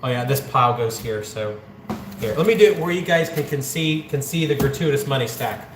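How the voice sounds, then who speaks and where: Here the central Ohio streamer speaks fairly quickly at a medium pitch, joking with viewers while tallying money aloud. There's slight background noise over the faint ambience of an echoey room.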